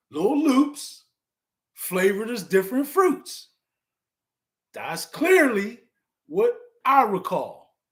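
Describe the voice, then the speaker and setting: In a high-pitched voice, a man hosts a laid-back live stream, chuckling often as he chats with viewers. He spells words out letter by letter along the way.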